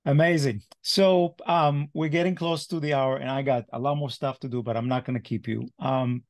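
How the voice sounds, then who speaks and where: A man hosting an interview asks his questions casually, with small stops and restarts. His voice is mid-pitched for a man, and the recording sounds dry and close. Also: steady tone, normal speed, no room sound. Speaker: interview host.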